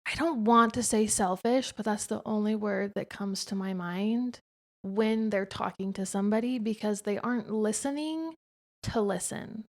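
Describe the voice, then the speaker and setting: Young adult woman, podcast host, casual and expressive, middle pitch. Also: normal speed. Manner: chatty and expressive, frequent filler "like". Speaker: podcast host, interviewed by her husband. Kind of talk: casual conversational chat.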